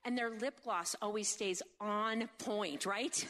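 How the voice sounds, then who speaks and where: A woman giving a humorous sermon, animated and jokey, telling stories with quick asides and keeps asking the audience for agreement. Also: mid-range voice. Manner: seeks agreement with frequent rhetorical questions. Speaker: speaker at a faith event.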